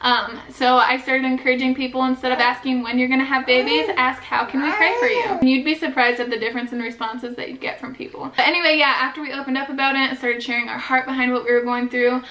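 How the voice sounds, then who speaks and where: A woman's voice: sits high, little pitch movement, fast talker, hardly any pauses, pushed and bright. A young woman in her twenties, a new mother, talking earnestly to camera in a personal vlog, with many fillers. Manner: earnest, heartfelt, filler-heavy talk. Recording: echoey room.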